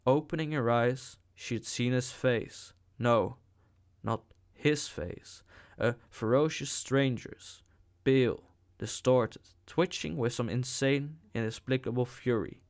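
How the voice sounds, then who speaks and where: Male audiobook reader, measured and unhurried, mid-pitched. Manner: slow, deliberate reading. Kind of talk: novel reading.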